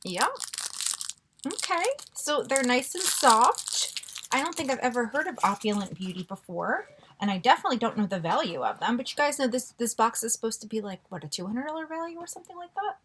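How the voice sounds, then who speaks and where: A woman vlogger chatting casually through a beauty box unboxing, gushing and excitable with frequent gasps. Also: fairly high pitch, brisk, a little hiss or hum. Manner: gushing and excitable, gasping often.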